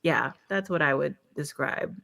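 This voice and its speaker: A woman guest on a live-stream panel, talking in a lively way, laughing and searching for words. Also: low voice, measured pace, creaky. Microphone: video call.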